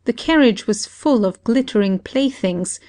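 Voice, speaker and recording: A woman as audiobook narrator, reading a classic story in a steady, measured way. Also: on the high side.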